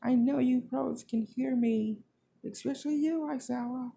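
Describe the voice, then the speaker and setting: A man voicing a panicked teenage boy hero who yelps his pleas in a high voice. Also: fairly even intonation, unhurried, creaky, warm tone, breathy edge, heavily acted.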